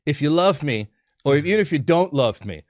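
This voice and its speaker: A comedian from New York talking casually about his plans as a podcast guest, with a chatty manner, frequent laughs and quick restarts. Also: a little high, big pitch swings, no room sound, clean studio sound.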